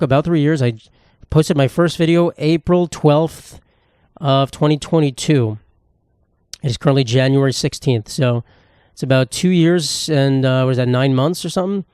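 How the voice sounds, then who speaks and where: A man's voice: on the high side, darkish tone, clean tone, dry recording, clean studio sound. A young man, a comedian hosting his own podcast, rambling casually in a self-deprecating way and swearing freely. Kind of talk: casual solo monologue.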